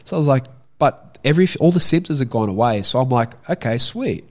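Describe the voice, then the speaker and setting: Husky young Australian man, candid and blunt. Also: mid-range voice, animated, fast, darkish tone. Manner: candid and blunt, swears freely. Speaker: guest. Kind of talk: casual storytelling.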